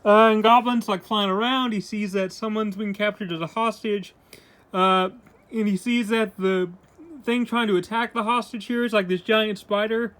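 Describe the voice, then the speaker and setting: Casual male comic reviewer, high-pitched, loose rambling delivery, quotes the characters in his normal voice. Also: fairly even intonation, normal speed, fairly bright tone. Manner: rambling retelling full of "like" and "uh"; paraphrases characters' lines in his own voice.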